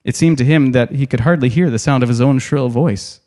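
A storyteller with a medium-pitched voice reads a novel aloud, expressive and dramatic. Every so often he pauses to add his own comments.

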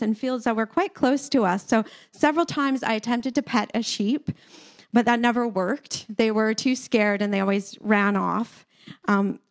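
A woman pastor delivers a sermon in a somewhat high voice. She tells a personal story in an easy, conversational tone and laughs lightly now and then.

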